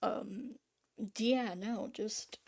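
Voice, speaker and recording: A woman's voice: mid-range voice, steady tone, extremely slow, gravelly, a little mellow, slightly rough. A woman ranting casually on camera about making art, rambling and swearing, full of restarts and trailing fillers. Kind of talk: casual spoken rant.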